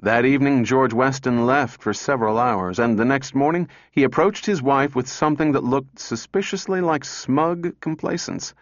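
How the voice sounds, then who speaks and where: A man narrating an audiobook in a measured, expressive reading. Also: medium pitch, dry recording. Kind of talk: scripted narration. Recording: dull dry recording.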